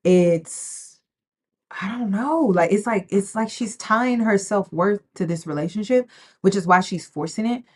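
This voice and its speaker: A woman's voice: mid-range voice, unhurried. A woman hosting a reaction video, giving casual, sassy commentary straight to her viewers. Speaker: commentary host.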